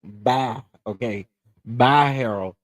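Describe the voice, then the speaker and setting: A man hosting a casual live-stream chat, talking in drawn-out exclamations and swooping up high in mock outrage. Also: no room sound, clean studio sound.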